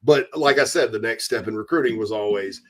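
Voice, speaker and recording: A man hosting a casual sports talk radio show from the American South, chatty and animated, slipping into mock voices. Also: fairly low pitch, brisk. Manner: animated, breaks into loud mock voices and laughter.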